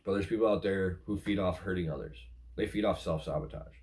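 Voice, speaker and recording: Speaking a little fast, a man with a somewhat low, darkish voice offers his viewers relationship advice. His talk is casual and earnest, circling back over points while he calls the audience guys.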